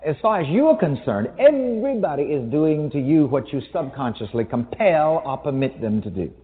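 A man preaches a sermon in an emphatic, wry and teasing way, his fairly high voice swinging widely in pitch. The recording sounds thin and phone-like, and a long reverb trails his voice around a big hall. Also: big pitch swings, moderate pace. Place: large hall with an audience.

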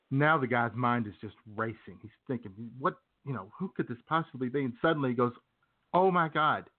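A man co-hosting a comedy show, telling jokes casually and acting out the characters. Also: medium pitch. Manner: animated, acts out characters in jokes. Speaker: podcast co-host. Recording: tinny phone-like sound.

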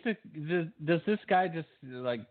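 A man's voice: fairly high pitch, animated, a little slow. A man co-hosting a podcast, blunt and sarcastic in profane casual banter. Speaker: podcast co-host. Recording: phone-like lo-fi audio.

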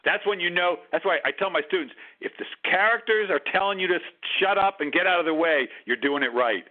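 A man's voice: high voice, quick pace. A man hosting a radio interview show, encouraging his guest and signing off with advice to listeners. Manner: encouraging, short affirming replies. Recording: scratchy telephone line.

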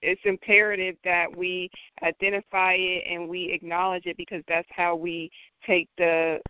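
A woman's voice: lowish voice, flat delivery, moderate pace, clean tone, dry recording. A woman social worker speaking as a podcast guest, earnest and repeating words as she searches for them. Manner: earnest, repeats herself while finding words. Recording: dry phone-line sound.

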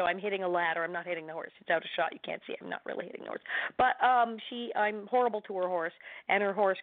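A middle-aged woman guest tells stories with animated, chatty energy, laughing often. Her voice sits at an ordinary pitch for a woman. The sound is dry and squeezed through a narrow phone-like line. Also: no room sound. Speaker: guest actress. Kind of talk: casual interview storytelling.

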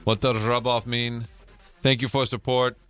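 A middle-aged man hosting sports talk radio from a studio, telling animated stories with quick jokes. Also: medium pitch, smooth, faint music behind. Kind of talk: casual sports talk banter. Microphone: studio microphone.

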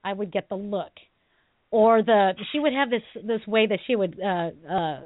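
A woman's voice: mid-range voice, moderate pace, no echo. Chatty woman co-host on a phone line. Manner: animated storytelling, laughs often, many fillers. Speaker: martial arts instructor and radio co-host. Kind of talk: casual radio chat. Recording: dry, tinny phone line.

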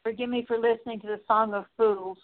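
A woman leading a spoken prayer of repentance, earnest and steady, working through a long list with frequent small fillers. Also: a little high, fast talker. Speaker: prayer minister. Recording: tinny phone-like line.

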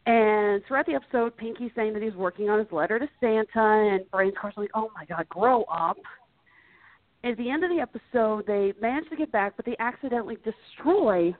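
Higher-voiced woman, tinny dry line. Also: fast talker, few pauses, no echo. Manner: animated retelling of plots. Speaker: podcast guest. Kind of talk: casual chat.

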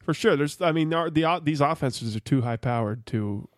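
A man's voice: on the high side, moderate pace, no room sound, studio quality. Loose, profane male podcast co-host. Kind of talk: casual chat.

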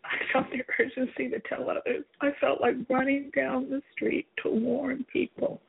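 A woman's voice: sits high, flat delivery, normal speed, creaky, slightly rough. A woman earnestly reading aloud from her own memoir, telling it with emotion. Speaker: author reading her book. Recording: tinny phone-like sound.

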